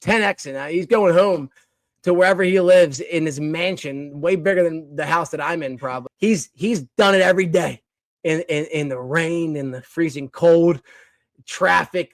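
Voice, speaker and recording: A young podcast host from the Philadelphia area runs a casual segment, rambling animatedly with plenty of restarts and fillers. His voice is a little high and the recording is dry.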